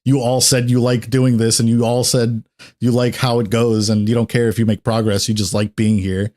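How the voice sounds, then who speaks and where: Blunt, animated man telling stories. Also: medium pitch, normal speed. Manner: animated storyteller who acts out what others said; blunt, swears casually. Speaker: streamer. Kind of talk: casual chat while gaming.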